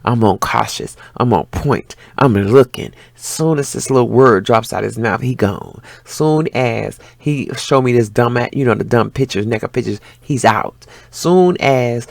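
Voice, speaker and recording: A woman in her fifties giving viewers a casual life update, telling stories with animated flair and casual swearing. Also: rumbling low, a little slow, gravelly, few pauses, dry recording. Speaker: vlogger.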